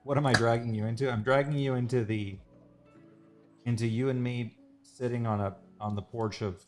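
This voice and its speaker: A man's voice: medium pitch, fairly even intonation, normal speed, a little mellow, soft background music. A man chatting casually while sketching on a livestream, rambling and self-deprecating.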